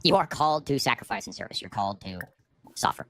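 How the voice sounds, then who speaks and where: In a livestream rant from his home, a seated middle-aged man swears and complains bitterly about his life into a streaming microphone with auto gain. His medium-pitched voice is a bit bright with vocal fry, big pitch swings and a quick pace, and there's a little hiss or hum.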